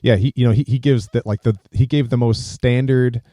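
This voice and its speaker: A man's voice: medium pitch, fairly even intonation, brisk, dark tone, no room sound, clean studio sound. An American man co-hosting a podcast, speaking casually with many restarts and filler words. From United States. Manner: hesitant, many false starts and fillers. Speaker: podcast co-host.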